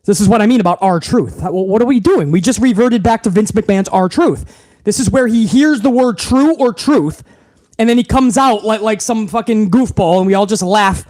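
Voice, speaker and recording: A man's voice: high-pitched, moderate pace, a little mellow, no room sound. A man hosting a live wrestling recap stream, talking in a profane, rambling way with frequent restarts. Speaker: wrestling show host.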